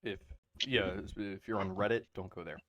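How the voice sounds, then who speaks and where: A man's voice: sits low, moderate pace, a bit bright, highs cut off. A man hosting a podcast, reading out memes in a sarcastic, casual chat. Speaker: podcast host.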